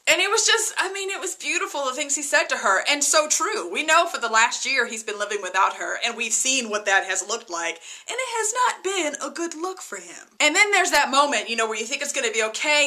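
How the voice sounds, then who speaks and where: A woman's voice: fairly high pitch, bright, forceful tone. A woman giving a casual, gushing TV episode recap on her vlog, often addressing viewers as "you guys.". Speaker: TV episode reviewer.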